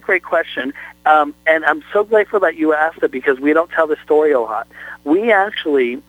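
A man's voice: fairly high pitch, fairly bright tone, dry recording, rough recording. A man talking as a brand spokesperson guest on a talk show, effusive and salesy with many fillers. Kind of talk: call-in talk show interview.

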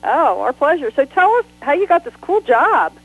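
A woman's voice: sits high, sing-song, normal speed, no echo, poor audio. A woman with a New Jersey accent hosting a casual talk show, chatty and enthusiastic. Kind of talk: casual radio chat.

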